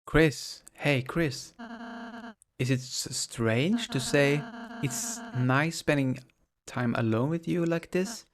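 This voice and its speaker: A streamer voicing a shy, kind young woman who stammers and speaks gently, with game music behind. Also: a little high, slow pace.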